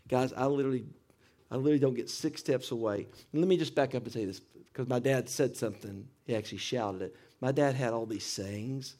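A man telling a personal story in an earnest, halting way, with many restarts, moving between hushed moments and animated ones. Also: mid-range voice. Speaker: speaker sharing a personal story. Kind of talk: heartfelt spoken storytelling.

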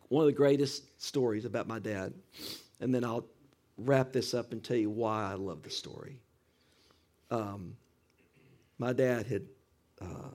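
A man with a mid-pitched voice tells a heartfelt personal story. He speaks earnestly and haltingly, restarting his sentences. His delivery drops to near-hushed tones and then lifts into lively, animated stretches.

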